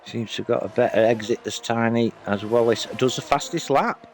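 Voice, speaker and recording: Male race caller, casual and chatty, mid-pitched, with faint background noise on the line. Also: fairly quick. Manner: casual, chatty, apologetic asides. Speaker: race commentator. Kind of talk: sim racing commentary.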